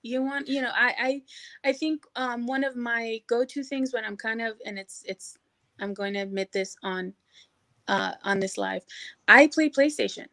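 A middle-aged woman speaking as a guest on an interview show, energetic and encouraging, with lots of "you know" fillers. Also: a little high, normal speed, creaky, no echo. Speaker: podcast guest, hospitality professional. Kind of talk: casual interview chat.

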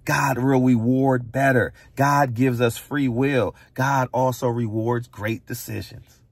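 A man's voice: mid-range voice, fairly even intonation, takes it slowly, creaky, no echo. Blunt, preachy man lecturing. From United States. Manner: blunt, preachy, repeats for emphasis; hammers points with rhetorical questions. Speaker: barbershop commentator. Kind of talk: heated monologue.

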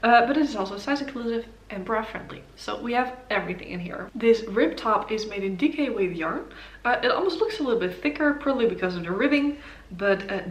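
A woman's voice: medium pitch, reverberant. A woman hosting a casual knitting vlog, reviewing patterns in a chatty way with many ums and uhs, recorded on a camera mic. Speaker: knitting channel host.

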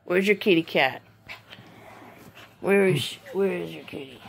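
A woman's voice: on the low side, unhurried, vocal fry, background noise. A woman chatting playfully in a home video, laughing and talking in a sing-song voice to a puppy.

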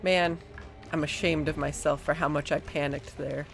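A woman's voice: deep voice, steady tone, normal speed, gravelly, faint music behind. A young woman giving let's play commentary on a horror game, panicking and swearing as she talks back to the game. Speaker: gaming streamer.

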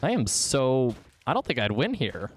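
A man's voice: mid-range voice, sing-song, normal speed. A man streaming a game, chatting casually and teasing his friends in a goofy way. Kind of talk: casual gaming chat.

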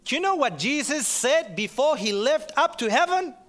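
A man preaching a sermon to a gathered audience, impassioned, repeating his phrases and swinging between loud and hushed delivery. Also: very high voice, big pitch swings, normal speed.

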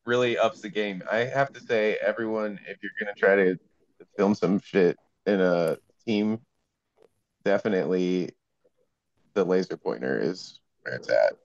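A man's voice: low voice, a little slow, muffled recording. A young man telling a story in a casual, rambling way full of fillers, heard over a video call. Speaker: panel guest.

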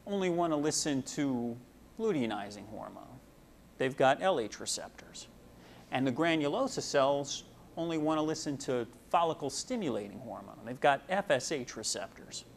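A young man, a medical student, giving a casual explanatory lecture full of homely analogies and frequent pauses with "uh". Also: medium pitch, gravelly, slight background noise.

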